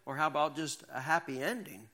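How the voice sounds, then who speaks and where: A man teaching a Bible lesson to young people, reading scripture slowly and quizzing the class. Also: fairly high pitch, pushed and bright.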